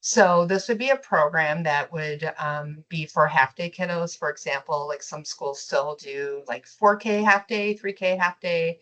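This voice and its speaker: A woman's voice: low voice, unhurried, hardly any pauses, a bit bright, dull audio. A woman presenting school nutrition programs in an online meeting, friendly and explanatory. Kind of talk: webinar presentation.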